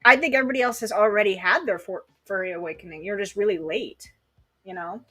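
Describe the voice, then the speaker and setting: A woman's voice: mid-range voice, quick pace, a bit bright. A woman co-hosting a livestream, teasing her partner in a dry, mock-sulky way during casual banter.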